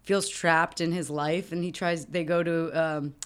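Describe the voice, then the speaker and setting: Young female co-host, lowish pitch, lively casual chat, salty language. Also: unhurried, smooth. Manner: animated, swearing, acts out movie characters. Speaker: podcast co-host.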